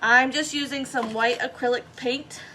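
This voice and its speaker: Woman craft vlogger, bright high voice, chatty and self-mocking, slight background noise. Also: steady tone, moderate pace. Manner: chatty, self-deprecating, talks to viewers as guys. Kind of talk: casual crafting tutorial.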